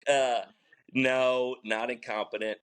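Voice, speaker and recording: A man's voice: mid-range voice, flat delivery, slow, fairly bright tone, clean tone. Playful, backpedaling male podcast co-host. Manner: playful, backpedaling, hesitant fillers. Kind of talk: casual comedic banter.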